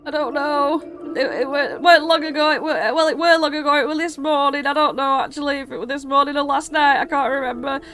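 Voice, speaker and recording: A panicked, scatterbrained father, put on by a woman, his voice jumps up high and gets loud. He stammers and repeats himself. A tabletop-game character voice. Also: steady tone, measured pace, long pauses. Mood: flustered.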